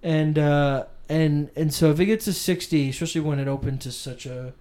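A man co-hosting a podcast, telling rambling, animated stories in casual chat and laughing often. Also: a little high, moderate pace. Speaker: podcast co-host.

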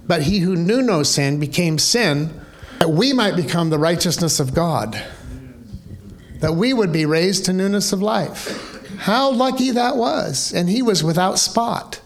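A man's voice: high-pitched, a little slow. A man preaching a sermon as pastor, conversational and wry, full of rhetorical questions.

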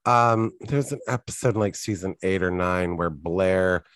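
Male podcast co-host, lowish voice, dry close sound, meandering casual chat full of ums. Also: measured pace, fairly bright tone, no room sound. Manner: rambling, filler-heavy, self-correcting.

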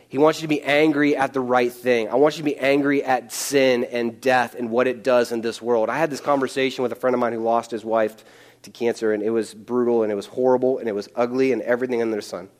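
A male pastor preaching a sermon into a microphone, moving from loud, pleading bursts to hushed, slow passages. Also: mid-range voice.

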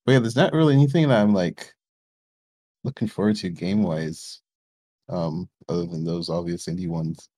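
Laid-back young man, low voice. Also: moderate pace, mellow, no echo. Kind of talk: casual chat among friends.

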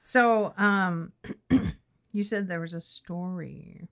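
A woman's voice: fairly low pitch, drawn-out words, a bit bright. A woman co-hosting a casual chat, joking and mimicking the characters of a story. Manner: playful, mocks the characters in exaggerated voices. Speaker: podcast co-host.

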